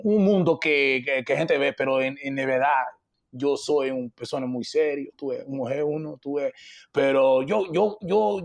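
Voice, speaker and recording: A man's voice: medium pitch, vocal fry, natural voice. A man voicing a laid-back young Dominican playboy who speaks broken Spanish with a Dominican accent, full of easygoing fillers.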